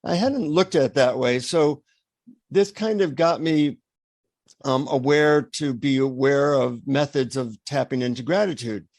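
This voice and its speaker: A man telling a personal story as a podcast guest, acting out the dialogue in a lively, anecdotal way. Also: medium pitch, measured pace, no room sound. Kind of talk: storytelling in an interview.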